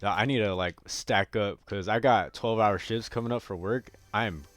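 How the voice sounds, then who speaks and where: A young man giving casual, profane gameplay commentary, often bursting into yells. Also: lowish voice, normal speed, no echo. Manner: profane, excitable, bursts into yelling. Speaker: gaming video creator.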